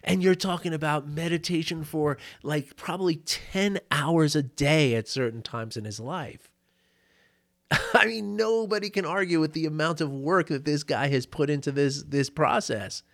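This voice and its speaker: A man teaching mindfulness in an easygoing, conversational way, his voice sitting a little higher than most men's. He laughs often as he talks, leans on "you know" and "right?", and is recorded on a boom mic. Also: normal speed, a bit bright. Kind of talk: casual teaching talk.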